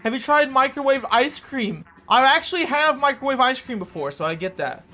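A streamer chatting casually during a live gaming session, excitable and rambling, often stammering and repeating words. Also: sits high, brisk, faint music behind.

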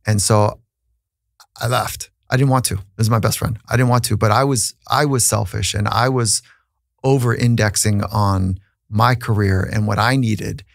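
A man's voice: on the low side, fairly even intonation, moderate pace, gravelly, no room sound, clean studio sound. A man who is a psychologist, telling a personal story in an earnest, reflective way on a podcast, with frequent restarts.

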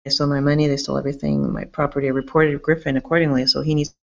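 A woman's voice: low voice, level tone, rapid-fire, vocal fry. A woman talking to her camera in a rambling, agitated monologue, swearing often and restarting her sentences, recorded indoors in a public campus building. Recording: dull lo-fi sound.

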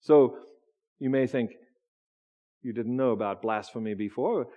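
A man's voice: mid-range voice, a little slow, highs cut off. A man preaching a sermon in a church, talking in a conversational way, often restarting his words and teasing the congregation. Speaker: pastor. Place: church sanctuary.

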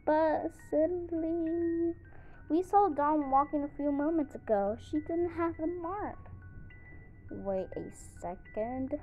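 A woman reading all the parts of a homemade drama, switching roughly between character voices. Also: sits high, lively intonation, slow, narrow, tinny audio, soft background music.

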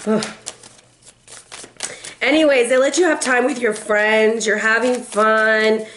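A woman's voice: a little high, fairly even intonation, slow pace, a bit bright, slight background noise. A middle-aged woman giving a casual tarot reading, chatty and playful, who acts out quoted voices and breaks into snatches of song. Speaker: tarot reader and life coach.

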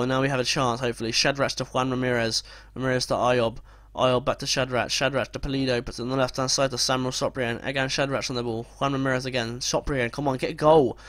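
A young man narrating his football management game as play-by-play commentary, breaking into loud, swearing outbursts. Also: medium pitch, no room sound. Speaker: gaming commentator.

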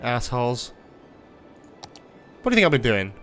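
A man chats through his own city-building stream at an ordinary mid pitch, cursing freely and poking fun at himself as he talks to his viewers. A little game music hums faintly behind him. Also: big pitch swings, normal speed, bright, forceful tone. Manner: sweary, self-mocking, talks to chat. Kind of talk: casual gaming livestream commentary.

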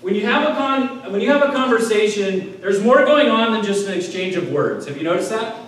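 High-voiced pastor in an echoey church. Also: male voice, animated, a little fast, a little hiss or hum. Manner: conversational, rhetorical questions, frequent "right?". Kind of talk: sermon. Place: church sanctuary. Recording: echoey room heard from a distance.

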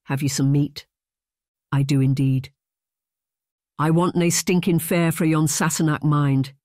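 A narrator reads a proud, solemn little Scottish lad with a broad Scots way of speaking, plain and matter-of-fact. The voice sits at a middle pitch. The recording is dry and close. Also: steady tone, measured pace, darkish tone, no room sound, natural voice. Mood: gruff. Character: young red-haired Scottish boy, solemn and proud. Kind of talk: audiobook character voice.

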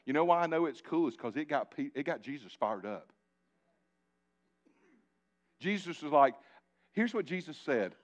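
A man preaching a live sermon in church, animated and joking with his congregation, calling on them directly. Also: a little high, normal speed, long pauses, highs cut off. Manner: animated, talks directly to the congregation with asides and jokes. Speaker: pastor. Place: church sanctuary before a congregation.

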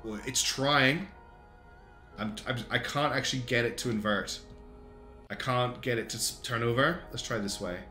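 With a bright, forceful tone at medium pitch and a moderate pace, this man chats through community game designs on a livestream. He thinks aloud casually, full of ums and false starts. Roomy echo and faint background guitar music color the recording.

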